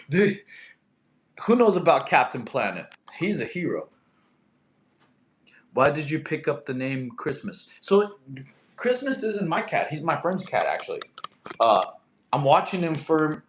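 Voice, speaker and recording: A young man chats with his viewers, reading their questions aloud and answering with easy jokes. His voice sits a little higher than most men's. The sound bounces around an echoey room. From Russia. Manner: jokey, reads chat questions aloud and answers them. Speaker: livestream host answering chat. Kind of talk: casual livestream Q&A.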